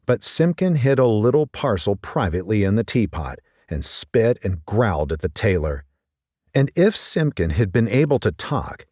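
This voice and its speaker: A man reading a children's story aloud in a gentle, expressive manner. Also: low voice, normal speed, no echo, studio quality.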